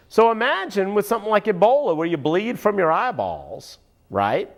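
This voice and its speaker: A man's voice: high-pitched, big pitch swings, fairly quick, gravelly. A man ranting sarcastically in political commentary, often turning aside to address an unseen listener.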